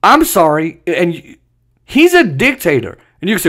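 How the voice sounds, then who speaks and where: A man's voice: a little high, very animated, moderate pace, a bit bright. A man hosting a solo podcast, giving heated, sarcastic political commentary and mocking the people he criticizes. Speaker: podcast host.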